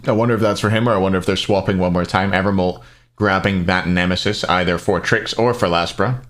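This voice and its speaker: Here a low-pitched man with a steady, fairly bright tone talks quickly while casting an esports match on a live stream. It's casual commentary, full of rambling between plays and spoken replies to chat questions.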